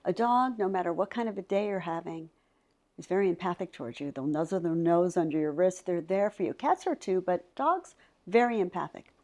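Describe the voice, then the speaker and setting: This middle-aged woman is a psychic medium telling stories during a conversation, animatedly acting out the voices of the people in them. Her voice is on the low side and her pace is fairly quick.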